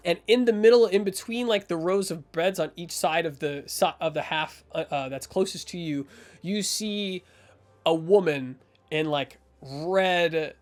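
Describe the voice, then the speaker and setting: A man's voice: a little high, unhurried. A man narrating as game master in a rambling way, full of fillers and restarts.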